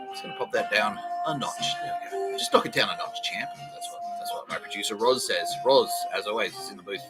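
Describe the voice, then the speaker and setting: A man's voice: lowish voice, low-quality recording. A man hosting a comedy podcast, rambling through jokes, swearing and laughing at his own lines. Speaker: podcast host.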